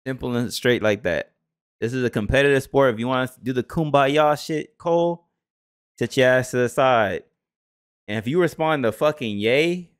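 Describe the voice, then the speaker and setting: A man's voice: medium pitch, dry recording, clean studio sound. A man co-hosting a reaction show, talking bluntly and profanely in casual chat. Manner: blunt, profane, trails off quietly.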